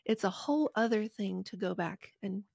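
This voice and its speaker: A woman's voice: medium pitch, animated, normal speed, creaky, darkish tone, dry recording. Middle-aged woman from rural West Virginia, guest author, earnest and heartfelt, dry close sound. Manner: earnest, heartfelt storytelling with emotional sighs. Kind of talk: reflective podcast interview.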